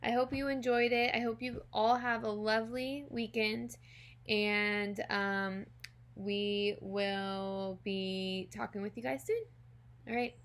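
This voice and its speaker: A woman teacher reading a children's picture book aloud, gently and expressively, talking directly to young listeners. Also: medium pitch, steady tone, slow. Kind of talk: children's storybook read-aloud.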